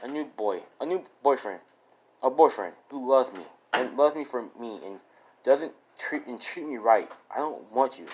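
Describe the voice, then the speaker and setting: A man voicing a middle-aged mother in an improvised fan story, talking quietly and hurt, then shrill when she screams. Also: lively intonation, moderate pace, a little hiss or hum, natural voice, poor audio.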